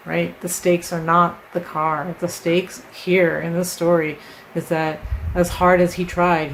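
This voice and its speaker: A woman's voice: sits low, gravelly, slight background noise, low-quality recording. A woman hosting her own channel, explaining writing craft in a casual, conversational teaching style, often checking in with "right?" as she works through an example. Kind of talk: casual instructional talk to camera.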